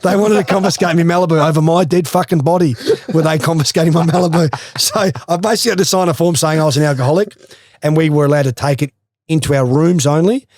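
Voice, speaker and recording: A man's voice: on the high side, fast. A middle-aged Australian man, a former footballer, telling swearing, laughing stories as a podcast guest. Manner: swearing, laughing, animated anecdotes. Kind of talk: casual storytelling.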